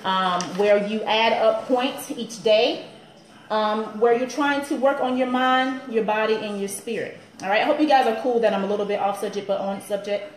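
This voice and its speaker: A woman's voice: fairly high pitch, normal speed, echoey room, rough recording. A woman personal trainer in her thirties, chatting upbeat on a live stream to viewers and laughing often.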